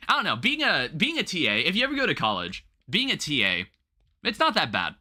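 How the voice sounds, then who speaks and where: A young man hosting a livestream, chatting casually while gaming and telling rambling, animated stories with some swearing. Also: fairly high pitch, brisk. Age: young adult. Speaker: livestream host.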